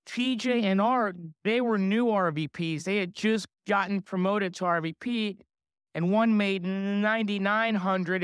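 A middle-aged man giving a motivational sales seminar, boastful and energetic, throwing questions to the crowd. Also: high voice, clean tone, no echo, studio quality. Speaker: sales trainer. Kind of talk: motivational seminar talk to an audience.

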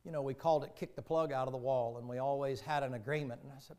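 A male pastor preaching a sermon and telling stories, his voice moving from loud passages to hushed ones. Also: medium pitch, steady tone, brisk. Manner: storytelling, swings from loud to hushed.

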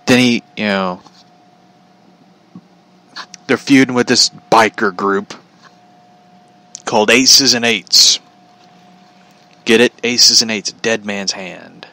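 A man's voice: lowish voice, steady tone, slow pace, pauses often, pushed and bright, rough recording. A man giving a casual, sarcastic rant about wrestling, laughing often as he talks. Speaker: commentator.

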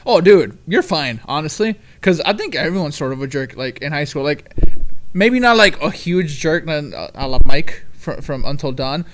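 A man's voice: on the high side, expressive, moderate pace, fairly bright tone. Laid-back man chatting slangy. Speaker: podcast co-host. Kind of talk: casual advice podcast chat.

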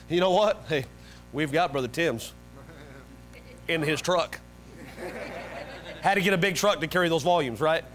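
A man preaching a sermon as pastor, animated, swinging between soft low asides and loud high-pitched bursts. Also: normal speed, slight background noise, poor audio. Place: church sanctuary.

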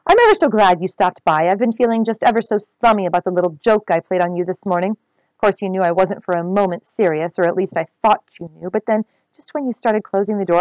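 A woman's voice: mid-range voice, darkish tone, dry recording, close to an everyday voice, low-quality recording. A woman voicing a haughty teenage girl who talks in an affected fancy tone to hide her hurt. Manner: mock-fancy, wounded pride.

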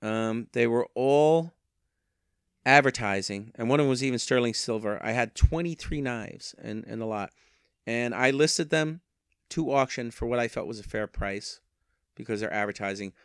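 In this casual vlog, a man who resells on eBay goes over his online sales, rambling into a handheld microphone and poking wry fun at himself. He speaks at a normal speed in a mid-range voice with a clean tone. There's no echo, and the quality is that of a studio.

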